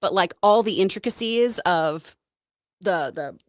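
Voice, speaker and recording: A woman co-hosting a casual show, chatty and enthusiastic with quick reactions. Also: medium pitch, no room sound, studio quality. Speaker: co-host. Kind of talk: casual chat.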